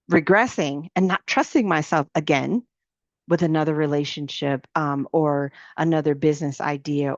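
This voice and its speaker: A woman's voice: deep voice, no echo. A middle-aged woman teaching as a ministry coach in a conversational way, repeating key phrases and acting out inner thoughts. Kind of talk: faith-based teaching talk. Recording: dry, dull lo-fi sound.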